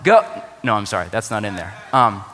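A man's voice: fairly low pitch, quick pace, bright, forceful tone, big-room sound. A man preaching a sermon to his church, conversational and joking in his asides. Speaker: pastor.

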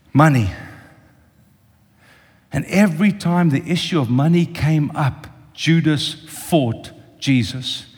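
Impassioned older preacher in a reverberant hall. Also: male voice, fairly high pitch. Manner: impassioned, speaks directly to the congregation. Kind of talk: sermon. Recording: long reverb of a large hall.

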